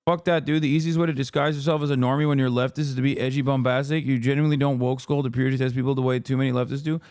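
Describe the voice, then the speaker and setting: A man's voice: medium pitch, flat delivery, very fast, darkish tone, clear, resonant tone, no echo, studio quality. A man giving heated commentary while reacting to clips, angry, emphatic and full of swearing.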